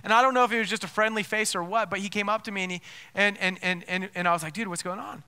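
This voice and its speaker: A pastor preaching with a notably high, bright voice. He drives his points home with rhetorical questions and stacks of restarted phrases. The delivery is emphatic throughout. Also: steady tone, rapid-fire, clean tone. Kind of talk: sermon.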